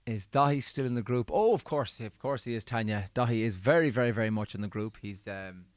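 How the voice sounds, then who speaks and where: A man's voice: mid-range voice, a little fast, dry recording. A man, chatting casually with viewers between songs on a livestream, his voice a bit worn from singing. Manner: chatty and easygoing, reading out viewer comments. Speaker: musician hosting a livestream.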